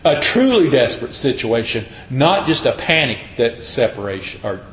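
A man's voice: medium pitch, sing-song, moderate pace, fairly bright tone. A man preaching a sermon, dramatic and acting out voices from the Bible. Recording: echoey room, dull sound.

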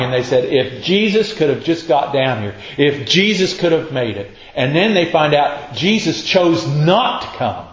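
A man's voice: mid-range voice, reverberant, muffled recording. A man preaching a conversational sermon, retelling scripture as everyday dialogue. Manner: conversational storytelling, acting out dialogue. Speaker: pastor.

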